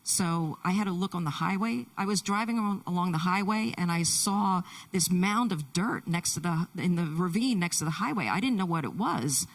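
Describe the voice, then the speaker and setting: A woman interpreter voicing a Deaf man's testimony in the first person, halting, with many restarts, in a church. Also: fairly low pitch, animated, recorded from a distance, rough recording. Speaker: sign language interpreter.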